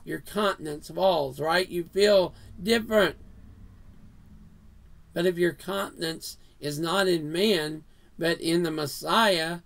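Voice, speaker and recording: A man's voice: a little high, slow, gravelly, fairly bright tone. A man preaching an earnest sermon in a house of worship, reading scripture verses aloud.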